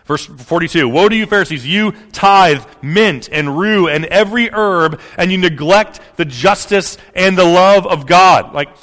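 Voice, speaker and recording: A man's voice: high-pitched, measured pace, hardly any pauses. Casual preaching man in a reverberant hall. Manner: casual, animated preaching with many fillers. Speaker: pastor. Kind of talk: sermon.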